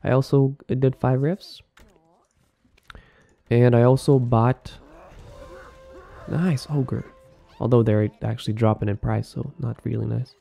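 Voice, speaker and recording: A man's voice: mid-range voice, steady tone, takes it slowly, creaky, pauses often, dark tone, soft background music. A young man recapping his gaming session in a casual, rambling vlog, often saying "dude". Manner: rambling, laid-back, says "dude" a lot. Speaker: gaming vlogger.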